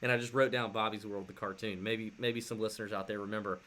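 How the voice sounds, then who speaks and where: A man co-hosting a casual sports podcast, telling animated stories with lots of fillers and restarts. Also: lowish voice, quick pace. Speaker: podcast co-host.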